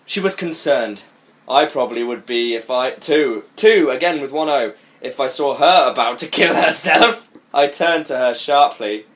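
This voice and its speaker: A man's voice: mid-range voice, expressive, unhurried, a bit bright. A man co-hosting a comedy podcast, reading fan fiction aloud in a mock-melodramatic way, swearing, laughing and commenting between lines. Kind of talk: comic dramatic reading with commentary.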